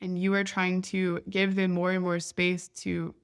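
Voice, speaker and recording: A woman's voice: fairly low pitch, completely flat delivery, a little slow, clear, resonant tone. A woman in her thirties hosting a podcast, telling a candid, down-to-earth story in a casual, chatty way. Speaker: podcast host. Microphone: podcast microphone.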